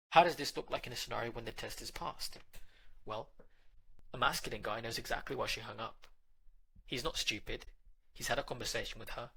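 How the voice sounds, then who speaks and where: A man delivers a direct, coaching monologue of dating advice, speaking right to the listener. His voice is gravelly with a bright, forceful edge and a husky grain. He sits at a middling pitch for a man.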